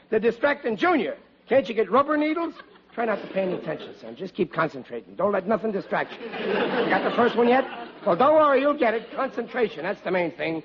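A blustering, high-voiced radio dad. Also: male voice. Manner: blustering and flustered, stammers when rattled. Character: excitable, blustering middle-aged family father. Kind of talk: 1940s radio acting. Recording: muffled old radio broadcast with hiss.

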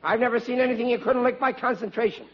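An actor playing an excitable, blustering father in a 1940s radio comedy, flustered and stammering when things go wrong. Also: very high voice, fast talker. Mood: fussing. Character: excitable, blustering middle-aged family father. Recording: muffled old radio broadcast with hiss.

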